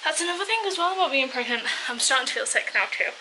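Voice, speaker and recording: A chatty young woman talks straight into a handheld camera at home, her voice slightly high and very bright. She comes across a little anxious, with faint room noise behind her. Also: expressive, very fast, poor audio. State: out of breath. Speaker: vlogger. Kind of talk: casual day-in-the-life vlog. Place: at home, indoors.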